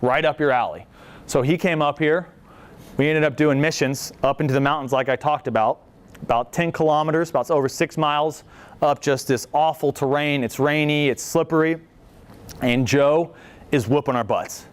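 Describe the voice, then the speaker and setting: A man's voice: on the high side, moderate pace, clean tone. A man in his thirties, a veteran speaker telling a casual, joking story to an audience and acting out the quotes. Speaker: veteran speaker at a library talk. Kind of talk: storytelling presentation.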